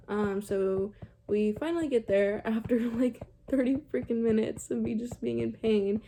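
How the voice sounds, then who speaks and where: Gravelly-voiced young woman, chatty storytime. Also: on the high side, steady tone, normal speed, warm tone, slight background noise. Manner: chatty, heavy "like" and "um", swears casually. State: holding a fussing baby. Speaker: vlogger. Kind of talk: casual storytelling to camera.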